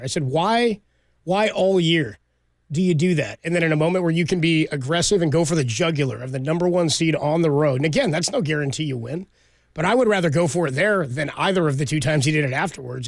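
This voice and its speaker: Fast-talking excited sports radio man. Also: fairly high pitch, dry recording, clean studio sound. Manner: excited, rapid storytelling.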